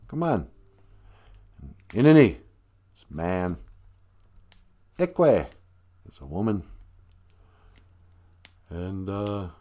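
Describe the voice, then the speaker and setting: A man's voice: lowish voice, a little mellow. A man with a Minnesotan accent hosting a live stream, rambling through jokes and laughing at them himself. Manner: rambling, joking, laughs at his own jokes. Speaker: host. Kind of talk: comedic live-stream monologue.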